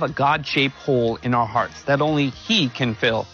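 Husky-voiced man hosting a church event. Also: mid-range voice, moderate pace, few pauses, fairly bright tone, muffled recording, faint music behind. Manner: affirming, pastoral. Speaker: host.

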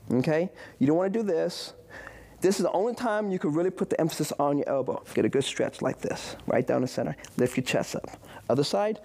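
A man with a fairly high speaking voice coaches a stretching routine. He talks upbeat and hands-on, repeating short cues to the person he is helping. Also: gravelly, a little mellow. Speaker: fitness instructor. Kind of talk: live stretching demonstration.

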